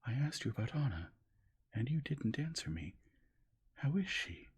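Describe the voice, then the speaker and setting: A man's voice: fairly low pitch, sing-song, moderate pace, slightly rough, voice pushed up, exaggerated voice. A man voicing a distressed noblewoman in a whispered role-play, urgent and imploring. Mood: pleading. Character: distressed pleading noblewoman, Dolly.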